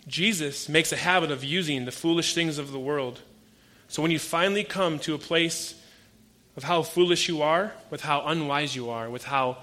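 A man's voice: mid-range voice, a bit bright. A young adult male pastor giving a conversational sermon, telling stories and acting out quoted exchanges with energy.

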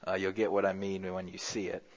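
A man preaching a sermon as pastor, rising to emphatic peaks and dropping to a hushed low voice. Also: completely flat delivery, fairly quick. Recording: muffled with long hall reverb.

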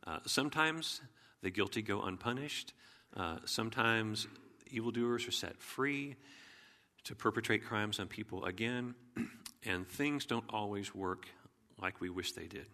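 A man preaching a sermon as pastor in an earnest, measured way, often clearing his throat. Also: on the low side, pushed and bright. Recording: long hall reverb.

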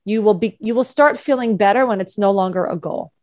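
Female coach, mid-pitched, explains patiently, dry close recording. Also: a little fast, darkish tone, dry recording. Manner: explanatory, mimics anxious self-talk. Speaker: anxiety coach. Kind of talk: podcast conversation.

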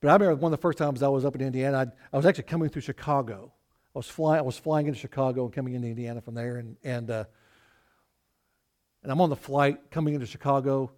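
Earnest Southern pastor preaching. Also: male voice, mid-range voice, fairly even intonation, quick pace, a little mellow. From Arkansas, USA. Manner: earnest storytelling, repeats words when restarting. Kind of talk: sermon.

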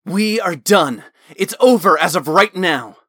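Storybook role: an intense, haunted young nobleman, high and forceful, delivered dry and close, as a male narrator puts him on. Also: expressive, a little slow, dry recording. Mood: furious. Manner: impassioned, earnest. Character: troubled wealthy young man, haunted and intense.

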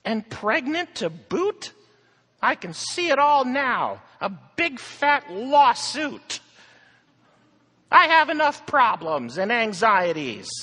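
A man voicing an anxious, fearful woman who hides behind her door and talks in a high, shrill, worried voice. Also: very animated, takes it slowly, sharp tone, exaggerated voice. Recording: long hall reverb.

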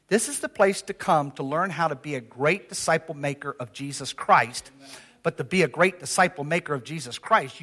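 High-voiced older man preaching. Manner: lively, conversational preaching with audience call-outs. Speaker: pastor. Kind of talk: sermon.

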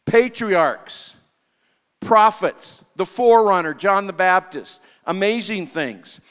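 Pastor, male, high clear voice; expressive sermon delivery in a reverberant hall. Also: takes it slowly. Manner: expressive preaching, acts out quoted lines.

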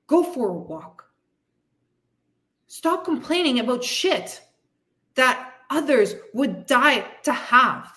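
A woman's voice: high voice, sing-song, slow pace, pauses often, a bit bright. A woman fitness coach hosting her podcast, giving a blunt, frustrated, swearing tough-love pep talk. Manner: frustrated, venting. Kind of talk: candid motivational monologue.

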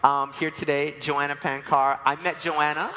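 Man, 40s, from new york, sermon with personal testimony, playful storyteller, slightly high voice, long church reverb. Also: flat delivery, moderate pace, noisy background. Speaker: church speaker. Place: church sanctuary.

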